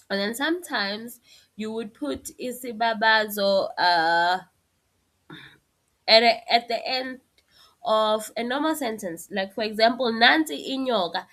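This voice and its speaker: A woman's voice: medium pitch, a bit bright. A woman teaching a language lesson, patiently explaining and translating example sentences. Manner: explains patiently, switching between Zulu and English with translations.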